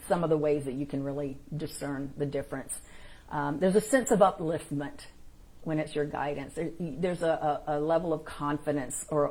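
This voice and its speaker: A woman's voice: sits low, a little mellow. A woman hosting a live-streamed spiritual teaching, talking informally and encouragingly, and greeting viewers in the chat by name.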